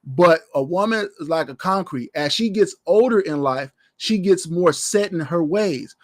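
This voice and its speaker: High-voiced preaching pastor, man. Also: expressive, normal speed, few pauses, dry recording, studio quality. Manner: conversational preaching, repeats phrases. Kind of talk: sermon.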